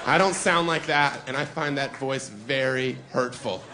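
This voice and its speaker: A male stand-up comedian performing a routine, full of provocative setups and deadpan asides, chuckling at his own lines. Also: medium pitch, brisk, hardly any pauses, background noise.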